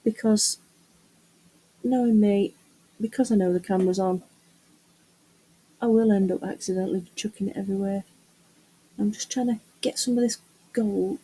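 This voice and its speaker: In a low-quality recording, a middle-aged woman works on a resin craft and talks casually to the camera, muttering and poking fun at her own mess. She is a craft vlogger with a medium-pitched, mellow, slightly rough voice.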